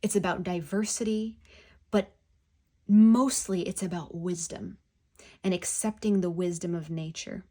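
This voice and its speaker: Woman, tarot card reader, soft and effusive, spiritual, pick-a-card reading. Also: fairly low pitch, fairly even intonation, unhurried.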